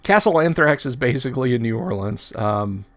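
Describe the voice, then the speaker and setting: A middle-aged man hosts a relaxed livestream chat at an ordinary, middling pitch. He talks in a loose, rambling way, circling back to fix his own words as he goes. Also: moderate pace. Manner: rambling, self-correcting, chatty. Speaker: livestream host.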